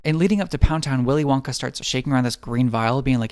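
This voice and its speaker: A man with a medium-pitched voice gives a comedic, sarcastic movie recap, firing off rapid jokes and slipping into put-on voices to quote the characters. There's a little hiss or hum in the recording.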